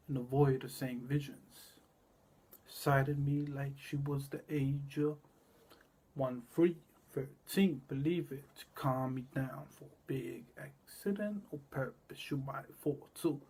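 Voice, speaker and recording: A man talking in a rambling, disjointed monologue that jumps between loud and quiet passages and repeats itself. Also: medium pitch, takes it slowly, breathy edge.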